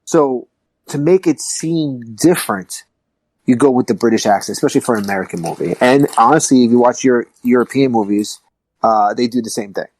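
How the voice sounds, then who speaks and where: A man's voice: mid-range voice, brisk, darkish tone, no echo. A man hosting a podcast in casual chat, joking and swearing freely. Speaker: podcast host.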